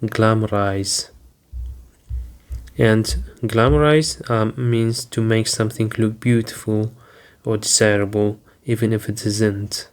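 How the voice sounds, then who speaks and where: Slow, flat-voiced male teacher. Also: lowish voice. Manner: slow, deliberate, with frequent "um" fillers. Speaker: English teacher. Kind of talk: vocabulary lesson.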